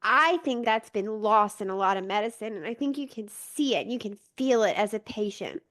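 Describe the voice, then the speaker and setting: A woman's voice: medium pitch, animated, normal speed, a bit bright. Woman podcast host, emphatic, affirming, conversational interview.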